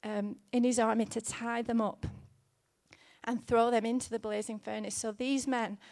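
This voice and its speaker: A woman in her thirties preaching a sermon in an earnest, gently conversational way, with fillers here and there. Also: fairly high pitch, flat delivery, moderate pace, no echo, studio quality.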